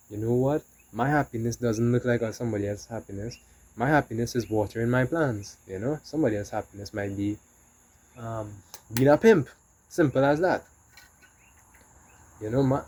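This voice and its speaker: A man's voice: mid-range voice, darkish tone, rough recording. A man talking casually in a rambling motivational monologue, often saying "you know". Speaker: vlogger.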